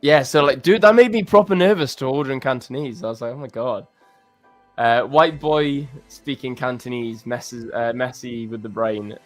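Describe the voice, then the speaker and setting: A young British man co-hosts a live trading stream, chatty and animated, laughing often as he talks. His voice sits at an ordinary middle pitch. Faint music plays under the conversation. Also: normal speed, hardly any pauses, no room sound. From Britain. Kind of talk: casual chat.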